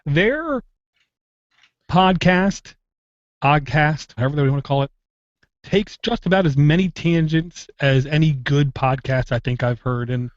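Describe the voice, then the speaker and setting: A man's voice: on the high side, unhurried, dry recording. A man hosting a tech podcast, chatty and wry, drifting off on tangents in casual talk. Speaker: podcast host. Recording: dull lo-fi dry podcast audio.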